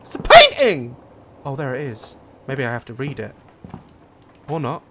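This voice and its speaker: A man's voice: medium pitch, wildly swooping pitch, moderate pace, heavy background noise. A young man commentating a horror game, joking nervously and breaking into sudden screams. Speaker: gaming YouTuber.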